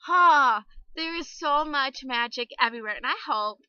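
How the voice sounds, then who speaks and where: A woman's voice: high-pitched, brisk, bright, forceful tone, clean tone, no room sound, muffled recording. A young woman talking candidly to camera outdoors by the water, chatty, laughing often and cussing a little. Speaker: vlogger. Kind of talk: casual personal vlog to camera.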